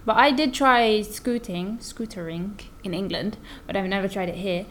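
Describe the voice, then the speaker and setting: A woman's voice: medium pitch, moderate pace, fairly bright tone. A chatty woman co-hosts a casual podcast, her talk full of "like" and loose asides. A faint hiss of noise sits under the voice. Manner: chatty, many "like" fillers. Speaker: podcast co-host. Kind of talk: casual chat.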